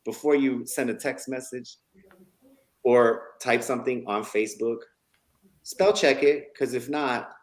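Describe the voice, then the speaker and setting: Animated male talk show co-host. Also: medium pitch, a little slow. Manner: animated storyteller reading funny texts aloud. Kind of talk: casual talk show chat.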